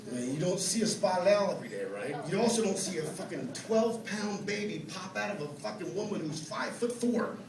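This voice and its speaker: High-voiced profane stand-up comedian. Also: male voice, lively intonation, fairly quick, hardly any pauses, recorded from a distance. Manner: profane, conversational storytelling with rhetorical asides. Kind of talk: stand-up set. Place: comedy club stage with a laughing audience. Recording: roomy club sound from afar with crowd laughter.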